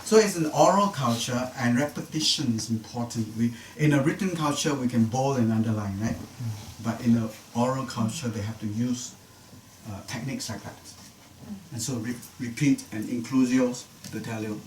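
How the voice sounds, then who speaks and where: A man's voice: medium pitch, normal speed, far from the mic. A man leads a live Bible study class, explaining the text patiently and repeating key phrases to drive them home. He is picked up from across a roomy classroom, with a faint hiss underneath. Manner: explanatory, repeats phrases for emphasis, occasional humor. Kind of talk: unscripted Bible class lecture.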